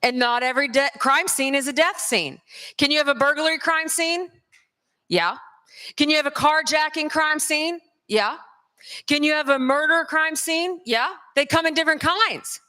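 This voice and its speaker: A woman from North Carolina with a Southern accent, giving a lively conference lecture straight to the audience. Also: high-pitched, normal speed. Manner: lively, addresses the crowd directly. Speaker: conference speaker. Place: large conference hall. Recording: long hall reverb.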